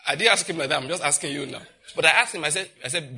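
A middle-aged Nigerian man preaching a sermon, telling stories and acting out conversations in an animated way. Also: very fast. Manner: animated storytelling, acts out exchanges with rising pitch and laughter. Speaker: pastor.

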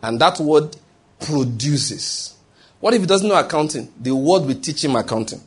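A man's voice: on the high side, lively intonation, moderate pace, husky. A man preaching a sermon, emphatic, posing questions to the congregation and answering them himself.

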